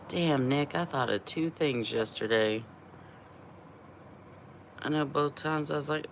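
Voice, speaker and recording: A woman's voice: low-pitched, takes it slowly, long pauses, slight background noise. A middle-aged woman vlogging in casual chat, laughing often and swearing freely while feeling unwell from a cleanse.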